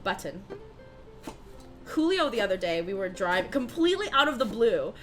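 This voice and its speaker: A young woman chats casually on a live stream while she bakes, swearing and laughing a lot and sounding words out again and again. Her mid-range voice is very animated, with a fairly bright tone and moderate pace, over soft background music.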